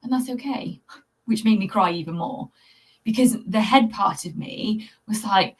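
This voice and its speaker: Woman, vlog host, earnest, confiding, conversational, mid pitch. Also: measured pace. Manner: earnest, confiding, addresses viewers directly; conversational with fillers and restarts. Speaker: channel host, cat anxiety coach. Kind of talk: candid personal vlog talk to camera.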